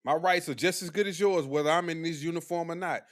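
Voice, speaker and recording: A man's voice: fairly high pitch, fast talker. A young man doing live-stream commentary, talking bluntly and combatively to his chat with heavy slang. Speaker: livestream commentator.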